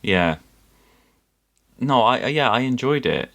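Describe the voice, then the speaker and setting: A man's voice: mid-range voice, expressive, unhurried, a bit bright. A man hosting a podcast in casual chat, easygoing as he wraps up the episode. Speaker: podcast host.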